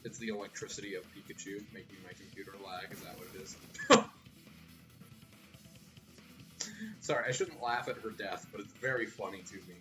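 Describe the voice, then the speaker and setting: A man's voice: lowish voice, fairly even intonation, fast talker, few pauses. A young man chatting and joking casually as he streams a video game. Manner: chatty and joking, talks to his game and computer. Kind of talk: casual gameplay commentary. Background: game music.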